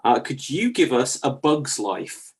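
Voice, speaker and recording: A man hosting an improv show, announcing in a measured way and drawing out his cues. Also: mid-range voice, sing-song, husky. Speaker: host.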